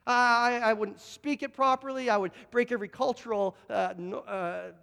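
A man's voice: very high voice, fairly even intonation, normal speed, creaky, bright, forceful tone, clear, resonant tone, long reverb tail. A Canadian man preaching a sermon as pastor, earnest, often repeating words as he presses a point.

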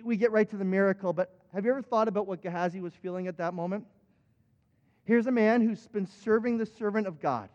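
A man's voice: high voice, darkish tone. A male pastor preaching a sermon with impassioned emphatic peaks. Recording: dull recording with long hall reverb.

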